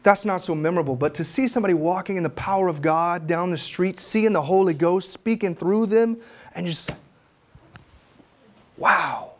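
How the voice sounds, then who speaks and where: Fervent higher-voiced man preaching. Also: normal speed. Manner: fervent storytelling, acts out his own prayers. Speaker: evangelist. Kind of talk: conference teaching sermon.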